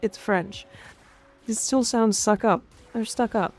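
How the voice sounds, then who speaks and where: During a casual gaming stream, a woman chats and tosses off rants with frequent profanity. Her voice is on the high side yet darkish in tone, she speaks slowly, and faint music plays behind her.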